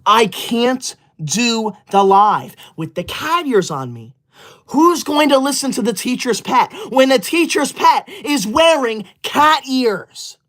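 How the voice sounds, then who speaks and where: A man's voice: very high-pitched, very animated, takes it slowly, fairly bright tone, exaggerated voice. A man playing a touchy, self-righteous teacher's-pet boy livestreamer who scolds and bans his viewers in melodramatic outbursts. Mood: indignant. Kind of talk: comedic character skit.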